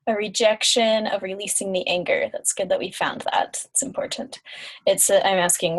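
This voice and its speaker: A woman's voice: medium pitch, steady tone, normal speed. A young adult woman guiding an intuitive healing session in a chatty, loose way, with fillers and yawns between points. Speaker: intuitive healer. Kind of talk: guided energy-clearing session.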